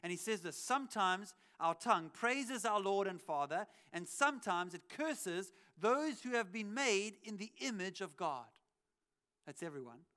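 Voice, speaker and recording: Guy preaching in church on a cheek mic, highish voice, chatty, acts out the quotes. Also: pushed and bright, clear, resonant tone. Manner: conversational preaching, acts out quotes, wry asides. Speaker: pastor. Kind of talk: sermon. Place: church auditorium. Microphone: cheek headset microphone.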